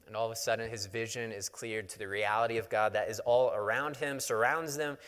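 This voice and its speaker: A man's voice: fairly low pitch, steady tone, fairly quick, fairly bright tone, clean tone. A male pastor preaching a sermon, retelling a Bible story in a casual, conversational way with touches of humor. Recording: long hall reverb.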